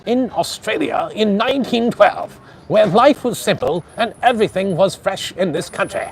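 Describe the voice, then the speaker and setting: A man's voice: sits high, animated, moderate pace, voice pushed up. A man voicing a pompous old-time male radio announcer with a grand, theatrical delivery.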